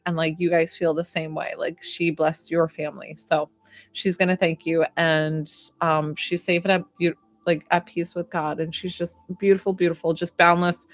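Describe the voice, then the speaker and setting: A woman's voice: on the low side, level tone, normal speed. A young adult woman doing a psychic reading on a casual livestream, talking in a chatty, emotional way with lots of fillers.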